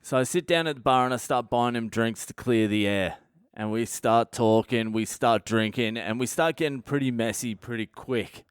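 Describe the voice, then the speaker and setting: Comedian host, middle-aged, smooth voice, dry close sound, swearing storyteller. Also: male voice, medium pitch, normal speed, no echo. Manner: profane, rambling anecdotal delivery. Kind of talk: storytelling monologue.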